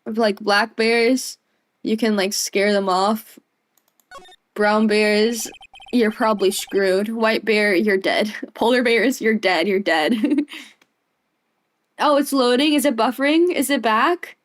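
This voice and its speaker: A woman's voice: fairly high pitch, slow pace, long pauses. A young woman streamer giving casual, playful gameplay commentary, giggling often and rambling.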